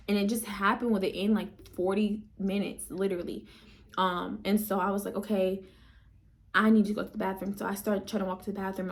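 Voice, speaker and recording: A young woman telling a personal story in a casual, animated way, often speaking straight to her viewers. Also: mid-range voice. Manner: animated, chatty, addresses viewers as "y'all". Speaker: vlogger.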